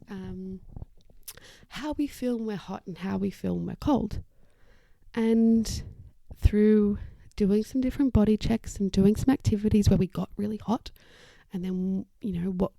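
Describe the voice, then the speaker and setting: A woman's voice: medium pitch, vocal fry, no echo. A woman hosting an occupational therapy podcast, explaining ideas in a casual, chatty way and briefly acting out the voices of the people she quotes. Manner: warm explanatory, acts out little quoted voices. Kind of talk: casual educational talk.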